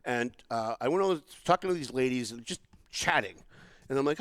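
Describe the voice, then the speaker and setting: Telling stories during casual political talk on his podcast, a middle-aged man brings them to life by acting out what others told him. His mid-range voice moves fast, captured in a dry recording.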